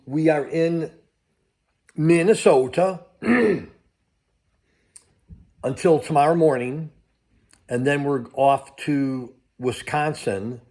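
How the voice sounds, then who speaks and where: A man's voice: mid-range voice, a little mellow. Rambling older man vlogging casually. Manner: rambling, loses his train of thought. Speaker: crypto vlogger. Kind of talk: casual travel vlog.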